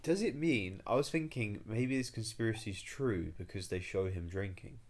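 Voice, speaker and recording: Low-voiced hesitant man. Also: normal speed, slight background noise. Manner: hesitant, qualifying, questioning. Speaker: podcast co-host. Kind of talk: casual chat.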